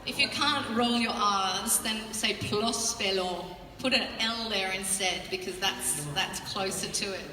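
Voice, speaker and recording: Her voice is mid-range and unhurried, with hardly any pauses, as this Australian choir leader guides a rehearsal with upbeat encouragement and sung demonstrations of parts. The echoey, far-off recording comes from a tripod camera in a large town hall, with choir, instrument, and music audible.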